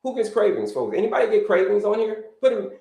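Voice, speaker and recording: A man's voice: high-pitched, sing-song, fast, vocal fry, warm tone, reverberant, low-quality recording. A man hosting a live health stream, talking casually, repeating himself, calling listeners "folks" and asking them to type in the chat. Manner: repetitive, addresses listeners as folks, asks them to put answers in the chat.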